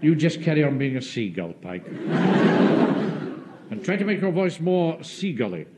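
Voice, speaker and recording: Pompous Home Guard captain, self-important, high lively voice, hissy old radio recording. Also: male voice, measured pace. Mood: indignant. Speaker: officer reading a radio script.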